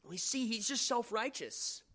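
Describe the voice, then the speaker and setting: A man's voice: extremely high pitch, expressive, unhurried, pushed and bright. Earnest man preaching a sermon. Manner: earnest, conversational, asks the listeners questions; reads scripture aloud with dramatic emphasis.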